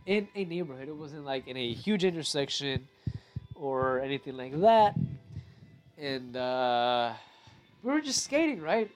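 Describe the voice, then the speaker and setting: Young man, podcast host, casual rambling monologue, heavy swearing, slightly high voice. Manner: profane, rambling, animated storytelling.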